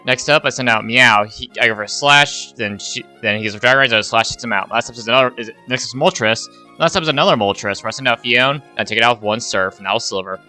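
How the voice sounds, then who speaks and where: A man's voice: medium pitch, fast, hardly any pauses, sharp tone, faint music behind. A young man giving a rambling, casual play-by-play of a video game run, swearing and sighing at his losses. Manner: rambling play-by-play, swears, sighs when frustrated. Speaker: gaming YouTuber.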